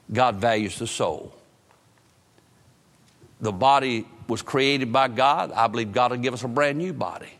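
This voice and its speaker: A man preaching a sermon, swinging from loud outbursts to low, drawn-out phrases. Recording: long hall reverb.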